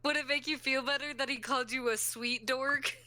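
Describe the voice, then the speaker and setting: A woman's voice: high voice, steady tone, brisk, sharp tone. A young woman co-hosting a podcast, chatting casually, giggling and swearing as she tells stories. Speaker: podcast co-host. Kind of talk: casual chat.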